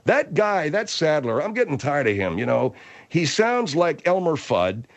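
A man hosting a comic talk radio show, talking in an exasperated, halting way. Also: on the high side, big pitch swings.

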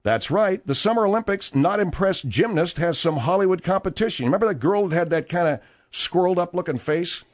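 A man's voice: high-pitched, expressive, brisk, no echo. A man hosting a radio show, reading and chatting casually with restarts.

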